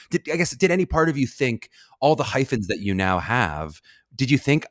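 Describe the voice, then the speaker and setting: A male podcast host talks quickly, and his pitch swings up and down a lot as he strings long questions together. The sound is dry and close. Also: animated, dry recording. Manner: eager, rambling multi-part questions. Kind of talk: casual podcast interview.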